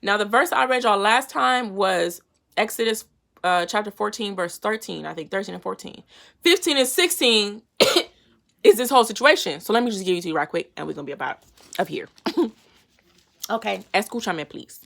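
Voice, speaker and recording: A woman's voice: mid-range voice, lively intonation, normal speed, creaky, fairly bright tone. A woman giving a casual, slangy Bible lesson to her viewers and retelling scripture in everyday talk. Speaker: faith vlogger teaching a Bible lesson.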